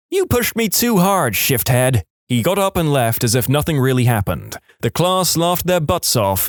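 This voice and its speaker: A man reading online stories aloud as scripted narration, expressive, with dry asides. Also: medium pitch, no echo.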